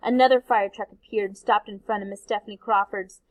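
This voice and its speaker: A woman, a teacher, reading a novel aloud in a steady, expressive way. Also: mid-range voice, fairly quick, dry recording, low-quality recording.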